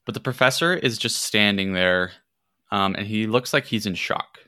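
A man's voice: lowish voice, moderate pace, pushed and bright, smooth, no echo, studio quality. A man narrating a tabletop game as game master, casual, with frequent ums and restarts.

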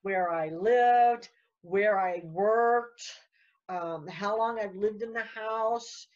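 A woman's voice: mid-range voice, darkish tone, lo-fi sound. A woman guest telling her story in casual chat, rambling and repeating words. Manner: rambling, repeats words, talks fast when worked up.

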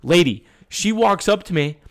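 A man's voice: high-pitched, moderate pace. A young man co-hosting a podcast, chatting casually and getting worked up as he retells his stories. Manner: animated storyteller, gets heated retelling. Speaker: podcast co-host. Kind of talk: casual chat.

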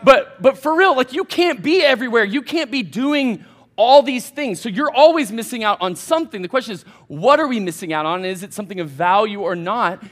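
Animated pastor, high bright voice. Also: male voice, brisk. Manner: folksy, animated, addresses crowd as y'all. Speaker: college pastor. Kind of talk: casual storytelling sermon. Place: church hall.

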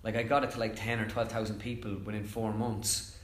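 A young Irish man chatting casually as a comedian guest, telling stories fast and acting out quotes. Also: fairly low pitch, flat delivery, echoey room. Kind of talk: casual chat.

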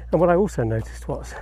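A man's voice: fairly high pitch, warm tone, slight background noise. A man hosting his own podcast while hiking outdoors, a little out of breath, rambling with many fillers and restarts. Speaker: podcast host. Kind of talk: casual walking vlog. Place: outdoors on a hillside hiking path.

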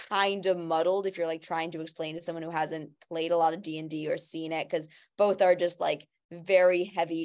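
A woman's voice: lowish voice, a little mellow. A woman co-hosting a casual podcast chat, talking in a rambling way with many restarts and fillers. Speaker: podcast co-host.

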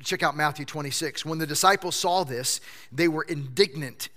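A male pastor preaches with a bright, forceful edge and a voice pitched a little high. His delivery is lively storytelling, and he slips into quoted voices along the way. The sound rings with a long reverb from a church sanctuary. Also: normal speed. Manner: animated storytelling preacher who acts out quotes. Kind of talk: sermon.

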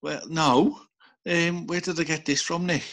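A man's voice: a little high, fairly even intonation, unhurried, fairly bright tone. A man with a Liverpool accent hosting a casual podcast over a video call, teasing and swearing at his friends. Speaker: episode host.

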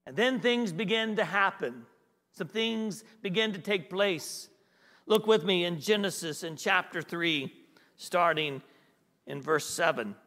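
Guest preacher, male, high and bright, conversational and repetitive, long church reverb. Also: unhurried. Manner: repeats key phrases for emphasis; conversational, asks the congregation questions. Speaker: guest pastor. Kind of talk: sermon.

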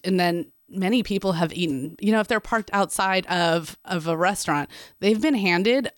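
A woman's voice: fairly low pitch, moderate pace, no echo, studio quality. A woman speaking candidly as a guest in casual conversation, acting out what she says to people. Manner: candid, animated, acts out quotes. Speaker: guest, program director.

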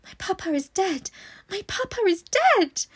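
A woman's voice: big pitch swings, unhurried, exaggerated voice. A woman doing a wailing, grieving little girl. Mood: grief-stricken. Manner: wild, high, pleading cries. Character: grief-stricken little girl crying out wildly.

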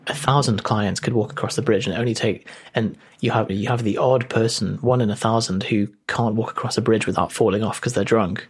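Husky-voiced man musing on a podcast. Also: fairly low pitch, fairly even intonation, fairly quick, hardly any pauses. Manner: earnest, hesitant restarts, thinking aloud. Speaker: podcast co-host. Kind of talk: casual podcast chat. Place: at home, remote call.

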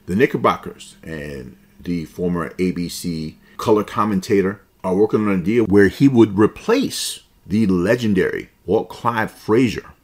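Deep-voiced man riffing on basketball news. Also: darkish tone. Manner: opinionated and conversational, with slang asides. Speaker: podcast host. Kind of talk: casual basketball commentary.

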